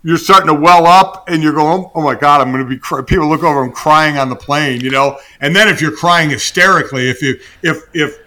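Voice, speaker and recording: An older man chatting on a podcast, his voice bright and forceful. He tells stories with animation, often breaking into laughter. The tone is pitched a little high for a man. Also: brisk, few pauses. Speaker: guest. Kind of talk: casual podcast chat.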